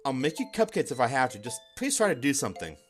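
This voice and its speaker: A man's voice: medium pitch, sing-song, fast, faint music behind, close to an everyday voice. A man reading a blunt, feisty teenage girl. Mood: worried. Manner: pushy, then earnest.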